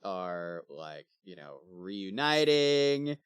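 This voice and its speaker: A podcast co-host in casual book club chat, teasing and drawling, often trailing off softly. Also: low voice, sing-song, very slow, smooth, dry recording, studio quality.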